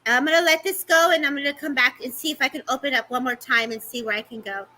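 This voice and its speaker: A woman giving a live-streamed psychic reading, talking fast and affectionately to the people she reads, calling them baby and babes. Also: sits high, sharp tone, a little hiss or hum, low-quality recording. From California. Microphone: live-stream microphone.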